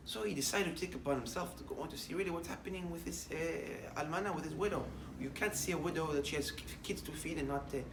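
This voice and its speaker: A man's voice: fairly high pitch, fast talker, few pauses, reverberant, far from the mic, background noise. A man giving a short morning sermon as a rabbi, telling a story in English with many Hebrew terms and building up to emphatic declarations.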